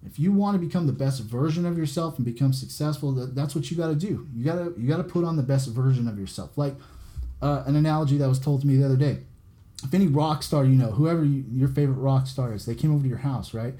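A man with a very dark, mellow voice delivers a casual motivational talk on his podcast. He is blunt and profane, and he hammers the same points again and again in loose, conversational phrasing. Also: mid-range voice. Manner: blunt, profane, repetitive and preachy. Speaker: podcast host. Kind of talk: motivational monologue.

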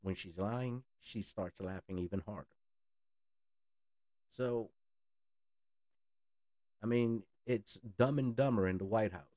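A man's voice: on the low side, slow pace, pauses often, mellow, dry recording. A man in a blunt, sarcastic ranting monologue who swears freely. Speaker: political commentator.

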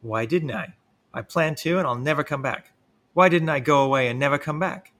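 A man's voice: a little high, fairly quick, fairly bright tone, lightly acted. A man reading a brooding, guilty husband in a mock-dramatic parody scene, hammy and playful.

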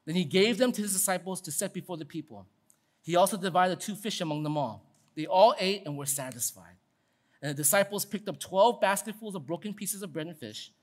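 Speaking a little fast in a high voice, a male pastor preaches in a lively, conversational style. He acts out quotes and adds casual asides as he goes.

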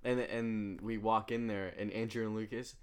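A man's voice: on the low side, fairly even intonation, normal speed, smooth. A young man in a casual chat with friends, rambling through stories with many fillers and laughs.

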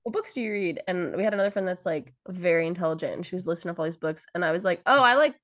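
A young woman co-hosting a podcast in casual chat, excitable and theatrical, acting out quotes as she talks. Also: fairly low pitch, rapid-fire, no echo, studio quality. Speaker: podcast co-host.

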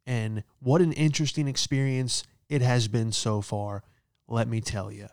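A man's voice: medium pitch, steady tone, normal speed, a little mellow, dry recording, clean studio sound. A man ranting in a brash stand-up style, profane and punchy, often checking in with "all right?" and recorded in a hotel room. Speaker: comedian.

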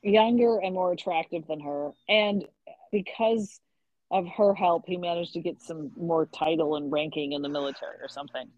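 A woman's voice: lowish voice, normal speed, darkish tone. A woman in casual conversation, retelling scenes from a novel and quoting its characters. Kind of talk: casual book discussion. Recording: dull lo-fi mic.

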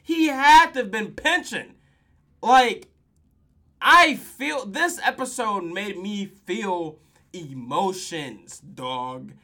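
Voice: mid-range voice, animated, very slow, pushed and bright. A podcast host recapping a TV episode in casual, profane slang, telling the story with laughs.

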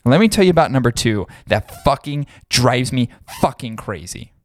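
A man's voice: mid-range voice, lively intonation, moderate pace, no room sound. A man co-hosting a podcast, heatedly ranting with lots of swearing in a casual talk style. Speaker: podcast co-host.

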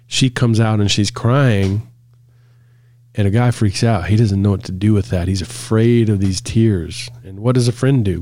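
A man, a couples therapist, talking casually on a podcast and telling stories with frequent laughs. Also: lowish voice. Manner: relaxed storytelling, laughs often.

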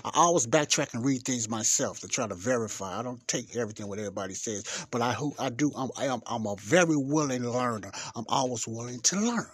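In a dry recording, a husky man with a mid-range voice reads from the Bible and talks it through. His podcast teaching is relaxed and conversational, emphatic, and prone to wandering.

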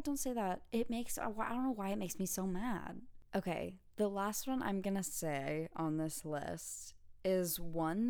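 A woman's voice: fairly low pitch, a little mellow, no room sound, clean studio sound. A woman podcast host and student, ranting casually and with emphatic exasperation about her pet peeves. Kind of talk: casual rant.

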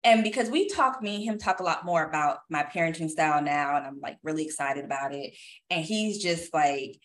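Animated storytelling mom, lower voice. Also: female voice, a little fast. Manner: animated storyteller who acts out quotes and laughs often. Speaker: podcast co-host and mother. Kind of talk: casual storytelling chat.

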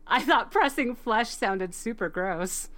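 A woman's voice: on the high side, a bit bright, a little hiss or hum. A woman co-hosting a podcast in casual chat, rambling and giggling as she tells stories. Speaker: podcast co-host.

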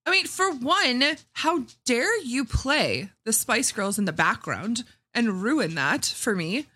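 Blunt sweary podcast lady, bright voice, bounces around a lot. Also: a little high, big pitch swings, takes it slowly, breathy edge. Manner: blunt, mock-outraged, swears. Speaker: podcast co-host. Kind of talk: casual podcast chat.

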